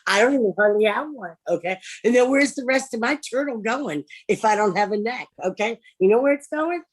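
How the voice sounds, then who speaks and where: A brash, foul-mouthed woman rambles through an improvised stand-up set, her fairly high voice leaping all over the place. She lurches from shouted outbursts to muttered asides. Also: brisk. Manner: animated, swings from loud outbursts to mutters. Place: home, over a livestream.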